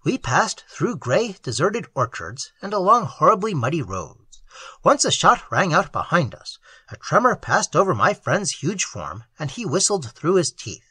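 A man reads a story aloud with animated expression, his pitch rising and falling widely. His voice is husky. The recording is dry and close. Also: measured pace, no room sound. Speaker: audiobook narrator. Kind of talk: scripted narration of a story.

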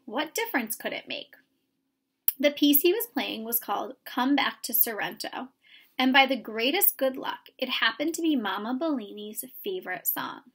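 A woman reading a children's chapter book aloud in a calm, even storytelling manner. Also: high voice, breathy edge. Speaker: reader. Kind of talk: storybook read-aloud narration.

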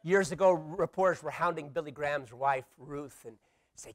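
Middle-aged guy pastor preaching, kinda high voice, goes quiet then gets loud and emphatic, plays out the voices he quotes. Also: normal speed. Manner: swings from hushed asides to loud emphatic calls; playful, acts out quoted voices. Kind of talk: sermon.

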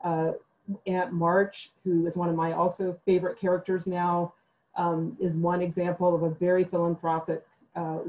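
A woman giving measured, reflective remarks as a panelist at a book club event, with frequent pauses filled by "uh" and "um", over a video call. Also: on the low side, mellow, rough recording. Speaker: literature panelist.

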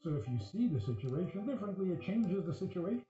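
Male religious teacher, questioning, animated delivery; echoey, phone-like audio. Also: high-pitched, fast talker, soft background music. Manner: questioning, acts out dialogue, laughs often. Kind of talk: Torah class talk. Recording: echoey tinny phone-like recording.

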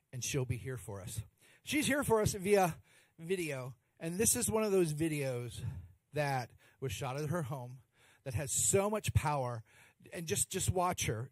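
A man's voice: fairly high pitch, no room sound. A man hosting a charity stream, introducing guests in a gushing, rambling way with many restarts. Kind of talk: emcee introductions.

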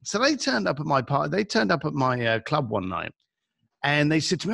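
Man, London accent, middle-aged, podcast guest, animated storyteller, gravelly, dry close sound. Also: a little high, brisk, no room sound. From England. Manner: animated storyteller acting out dialogue.

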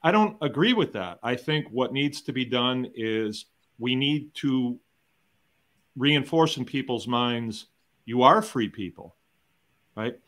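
A man's voice: mid-range voice, lively intonation, takes it slowly, a bit bright. A middle-aged man from the United States, a farmer and educator, speaking in a round-table conversation in an emphatic, conversational way, with rhetorical questions and frequent restarts. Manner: repeats words and restarts often.

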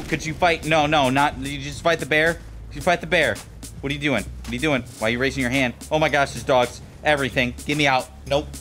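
A man giving jokey, excitable commentary while playing a game, swearing and talking to enemies. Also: a little high. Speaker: gameplay commentator. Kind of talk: casual let's-play commentary.

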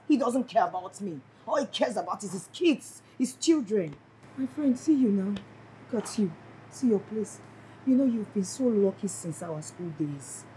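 A woman's voice: mid-range voice, warm tone, slight background noise, close to an everyday voice, poor audio. An actress with a Nigerian accent playing a frustrated married woman who complains dramatically about her husband. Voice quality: repeats herself, mixes in Pidgin. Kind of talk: Nollywood film acting.

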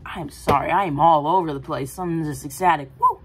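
A woman casually pitching a film idea, rambling with many fillers and giggly asides. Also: a little fast, fairly bright tone, rough recording. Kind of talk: casual movie-pitch chat.

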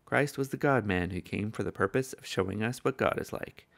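Older preacher with a gravelly voice. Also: male voice, on the low side, brisk. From southern United States. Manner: earnest storytelling preaching. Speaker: evangelist preacher. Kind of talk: sermon.

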